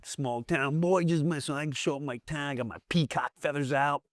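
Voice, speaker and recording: A middle-aged American man, a comedian guest on a podcast, telling candid stories in animated bursts with restarts and acted-out voices. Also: fairly high pitch, normal speed, no room sound, studio quality. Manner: animated storyteller, acts out quoted voices, frequent restarts. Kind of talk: candid storytelling in a long-form interview.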